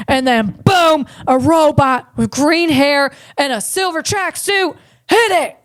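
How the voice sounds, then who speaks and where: Loud, animated female comic host with a high pitch, doing playful tech riffs. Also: unhurried, no echo, clean studio sound. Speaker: comedian and podcast host. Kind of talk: comedic tech commentary.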